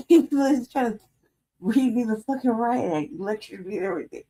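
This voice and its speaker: A woman's voice: on the high side, lively intonation, moderate pace, warm tone, a little hiss or hum. A woman in her forties hosting a casual livestream, telling a rambling story full of laughter and profanity. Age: 40s. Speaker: livestream show host.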